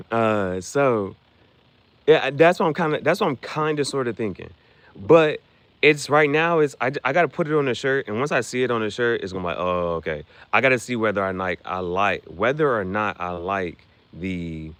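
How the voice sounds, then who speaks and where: A man's voice: sits low, fairly bright tone. A man chatting casually on a livestream about his shirt designs, rambling and slangy, jumping between topics. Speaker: streamer designing merch shirts.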